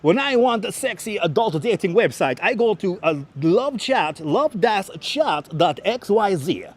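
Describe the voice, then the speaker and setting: A man putting on a sleazy male announcer with a mock Russian accent, reading a joke radio advertisement in a slow, drawn-out salesman delivery. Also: high-pitched, animated. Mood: hammy. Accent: put-on Russian. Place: outdoors on a city street. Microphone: wireless clip-on mic.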